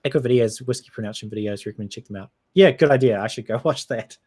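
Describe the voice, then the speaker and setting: A man from New Zealand, speaking with a New Zealand accent in a voice of ordinary pitch. He hosts a relaxed livestream and rambles from one thought to the next. He keeps replying to viewer comments as he goes. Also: fairly quick, husky. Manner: rambling, chatty, reads out and answers viewer comments. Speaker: whisky channel host. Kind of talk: casual livestream chat.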